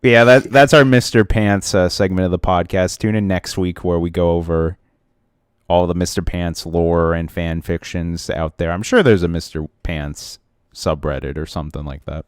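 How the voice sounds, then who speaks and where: Young male podcast co-host, deep voice, dry close sound, goofy excitable banter. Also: normal speed, clear, resonant tone, no echo. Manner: goofy, joking, excitable bursts. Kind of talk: casual chat.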